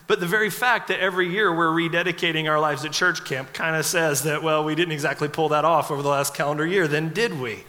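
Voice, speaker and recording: A pastor in his forties delivers a sermon in a high, bright voice. He tells humorous stories in a chatty, relaxed way. His voice rings out with a long reverb in a church sanctuary. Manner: conversational, humorous storytelling.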